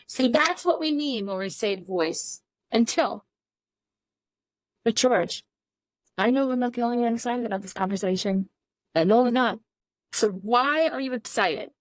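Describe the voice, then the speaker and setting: A woman with a somewhat high voice co-hosts a podcast, laying out definitions in an emphatic, teacherly manner. She keeps checking in with rhetorical questions. The sound is close and dry. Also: a little slow, pauses often, no room sound. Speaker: podcast co-host. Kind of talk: explanatory podcast talk.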